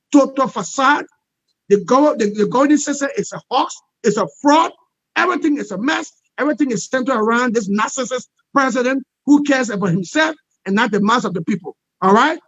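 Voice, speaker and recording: Fiery high-pitched man. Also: no room sound, lo-fi sound. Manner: forceful, repetitive, rhetorical, punctuated with "all right?". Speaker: interview guest, activist. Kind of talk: impassioned political interview.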